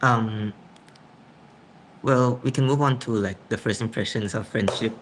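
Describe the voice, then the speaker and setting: A man's voice: on the low side, fairly even intonation, a little slow, noisy background. A young man in a casual student discussion. He thinks aloud and checks in with others by asking "right?". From Thailand. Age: young adult.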